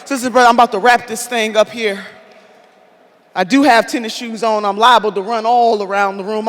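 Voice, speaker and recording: A woman giving a fiery political rally speech in a large hall, with a preacher-like cadence, repetition and loud shouted build-ups. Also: fairly high pitch, fairly quick, slight background noise. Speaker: rally speaker. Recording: long hall reverb, faint crowd.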